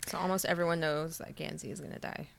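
A woman co-hosting a casual book chat, adding quick reactions and jokes. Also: low-pitched, fairly even intonation, vocal fry. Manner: brief reactive interjections and laughter. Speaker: podcast co-host.

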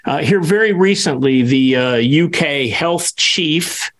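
A man's voice: a little high, expressive, slow, a bit bright. A man co-hosting a talk show, talking in a hesitant way with many fillers. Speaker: co-host. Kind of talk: casual talk show chat.

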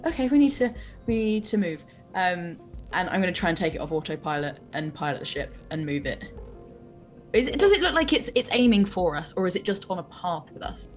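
Excitable woman playing a tabletop game. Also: low voice. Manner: excitable, thinking aloud with fillers. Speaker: player. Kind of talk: tabletop game player talk.

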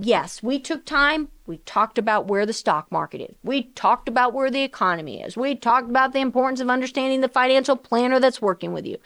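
Middle-aged woman, finance show host, bright higher voice, chatty, animated, dry close sound. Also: no echo. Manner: chatty and animated, with rhetorical questions. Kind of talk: conversational radio-style finance talk.

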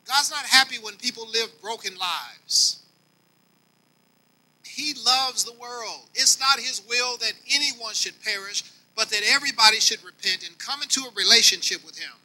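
Male pastor, older, folksy sermon delivery with a high, very bright tone. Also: normal speed, hardly any pauses, poor audio. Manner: preaching with swings between soft and loud; folksy, talks directly to the congregation.

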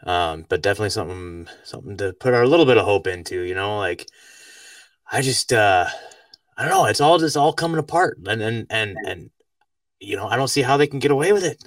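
Sitting on the low side with lively intonation and a brisk pace, a man hosts a podcast in casual talk, rambling, filling gaps with filler words, and laughing readily. The sound is dry, echo-free, and distant from the mic.

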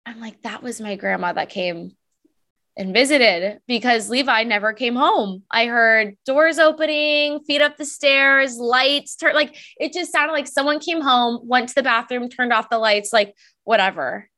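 A young woman with a slightly high voice tells a personal story in a relaxed, chatty way. She is animated, laughs often, and fills her sentences with "like." She speaks as a medium guesting on a podcast. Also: measured pace. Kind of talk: casual storytelling.

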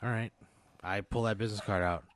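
A man's voice: fairly low pitch, steady tone, quick pace, a bit bright, no room sound, studio quality. A young man on a comedy podcast, reacting with mock despair and constant swearing as he plays along. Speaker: podcast co-host answering the hypothetical. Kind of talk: improvised comedic banter.

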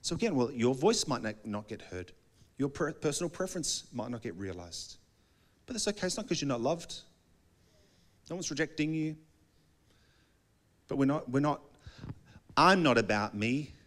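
A man's voice: medium pitch, sing-song, normal speed, long pauses. A male pastor preaching a sermon in a conversational way, often acting out small dialogues.

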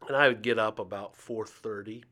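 This faith-and-poverty guest is a man in his fifties from Ohio, United States, whose voice sits on the low side, steady yet pushed and bright, at a moderate pace. He tells stories conversationally in an interview, mimicking the voices of those he quotes.

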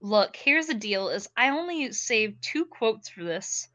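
A woman's voice: fairly high pitch, lively intonation, measured pace, sharp tone. A tipsy woman co-hosting a casual podcast chat, gushing and laughing often as she talks. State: tipsy from drinking. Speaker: podcast co-host.

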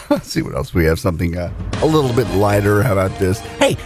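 Low-voiced radio news guy, bouncy quiz-host delivery. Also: wildly swooping pitch, a little fast, music in the background. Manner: upbeat quiz-style delivery.

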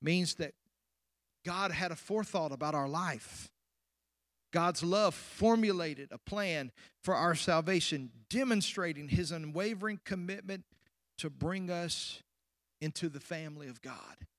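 A man with a high, bright speaking voice delivers a sermon, pressing the congregation with direct questions. He speeds up in bursts and then sinks into slow, hushed endings. The sound is dry and close, with no room echo. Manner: preaching with sudden rushes and drawn-out, hushed endings. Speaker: pastor.

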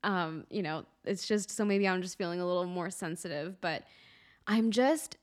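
A woman's voice: on the low side, moderate pace. A young woman talks through a casual solo podcast episode in an open, emotional way. She sounds close to tears, fills her sentences with "like," and swears freely as she goes. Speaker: podcast host and life-purpose coach.

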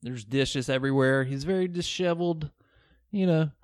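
A man with a slightly high voice walks through a movie's plot on a podcast. He laughs often and jokes as he goes. The sound is dry and close, with no room echo. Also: normal speed. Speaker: podcast co-host. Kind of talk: casual movie podcast chat.

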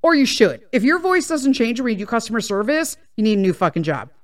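A woman's voice: on the high side, big pitch swings, fast talker. A woman hosting a podcast, telling a story as a heavily profane, exasperated rant. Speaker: podcast host.

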